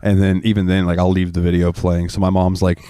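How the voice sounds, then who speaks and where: Podcast co-host, man, very deep and smooth, easygoing and quick to laugh, dry close mic. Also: completely flat delivery, warm tone, dry recording. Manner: laid-back, laughs often. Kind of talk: casual chat.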